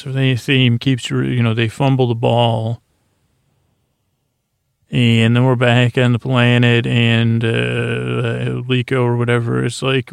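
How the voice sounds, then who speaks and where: A man's voice: medium pitch, gravelly, smooth, no echo, studio quality. A man hosting a podcast, recapping an episode in a meandering, drowsy way, often losing his thread and loosely paraphrasing the dialogue. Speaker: podcast host. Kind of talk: rambling sleep-story recap.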